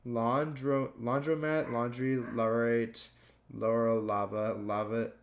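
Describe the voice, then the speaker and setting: A man slowly reading dictionary words aloud one by one, stumbling and restarting now and then. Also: mid-range voice, level tone. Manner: slow, plodding word-by-word reading with stumbles. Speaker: gaming youtuber.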